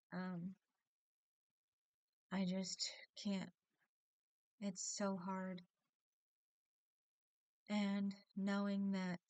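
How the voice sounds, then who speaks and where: A woman vlogger talking haltingly about missing her late cat and friend, often restarting her sentences and close to tears. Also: medium pitch, clean tone, dry recording. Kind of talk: emotional personal vlog.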